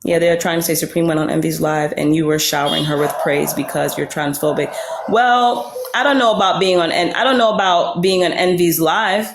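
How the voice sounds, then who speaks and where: A woman's voice: fairly low pitch, brisk, roomy sound. A woman hosting a casual livestream chat, blunt and swearing freely, rambling with restarts. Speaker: livestream host.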